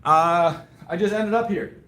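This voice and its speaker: A man's voice: high-pitched, measured pace, fairly bright tone, roomy sound. A man, chatting casually with viewers on a live stream between lifting sets and answering their questions. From Southern US. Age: 30s. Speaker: powerlifting livestreamer.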